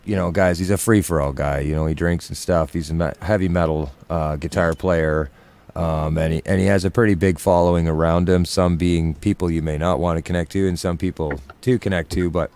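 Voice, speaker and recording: A man with a deep, low voice tells a rambling, filler-heavy story in casual stream chat. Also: fairly even intonation, fairly quick, a little mellow. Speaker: musician and regular on a live stream chat.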